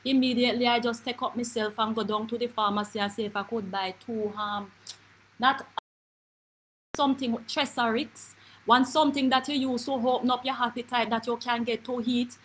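A woman with a Jamaican accent playing a brash, gossipy auntie, telling stories in a lively comic monologue with quick asides. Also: fairly high pitch, slight background noise, lightly acted, poor audio. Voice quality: animated patois storytelling, quick asides. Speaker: comedy character host. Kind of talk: live comedic monologue.

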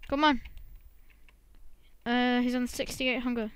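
Slow, smooth-voiced woman gaming. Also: medium pitch, steady tone, fairly bright tone. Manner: chatty, talks to her pet monkey as she plays. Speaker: gamer. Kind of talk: casual game commentary.

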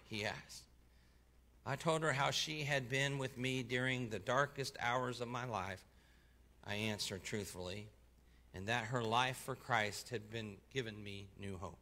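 Bright-voiced man reading a sermon story. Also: medium pitch, measured pace. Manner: voices the people in the story, dropping soft for sad parts and lifting for excited ones. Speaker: preacher.

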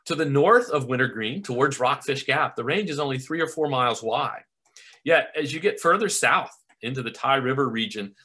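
Bright-voiced man giving a geology lecture. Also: mid-range voice, husky. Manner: enthusiastic, conversational, asks rhetorical questions. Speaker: geology professor, webinar presenter. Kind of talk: lecture with slides over video call. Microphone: video call.

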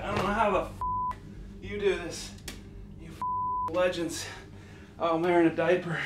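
A man's voice: high-pitched, huge pitch swings, normal speed, long pauses, over music. A man grumbles and curses under his breath, his voice rising and falling a lot. The sound is echoey and roomy. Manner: muttering and swearing to himself.

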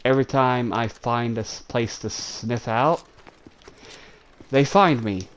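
A man's voice: mid-range voice, takes it slowly. Jittery, swearing male gamer. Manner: jittery, swearing, talks to viewers. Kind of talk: let's play commentary.

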